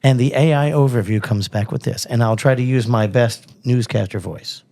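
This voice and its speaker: A man's voice: medium pitch, moderate pace, creaky, mellow. A man hosting a music podcast in casual chat, with playful, theatrical announcer bits. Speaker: podcast host.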